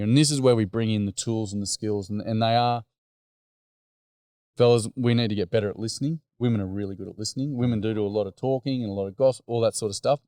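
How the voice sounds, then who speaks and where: A man's voice: on the low side, a little mellow, no room sound. A middle-aged man with an Australian accent telling earnest, rambling personal stories from his workshops with boys. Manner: earnest, rambling, lots of "um" and "mate". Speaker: speaker running boys' workshops. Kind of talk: personal storytelling talk.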